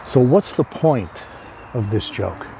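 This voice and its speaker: A man's voice: medium pitch, expressive, takes it slowly, vocal fry, background noise. A man giving a motivational talk on addiction recovery, conversational and emphatic, repeating key phrases.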